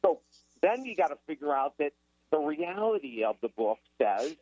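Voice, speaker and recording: An energetic man speaks emphatically as a guest author in a radio interview. His voice comes through a thin, tinny phone line. The sound is dry, with no room around it. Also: a little high, moderate pace, no room sound. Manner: emphatic, energetic motivational talk.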